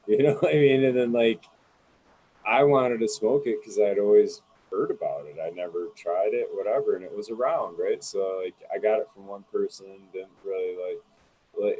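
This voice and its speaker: A man with a husky voice telling a rambling story in casual chat, full of fillers. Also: sits low, warm tone, rough recording.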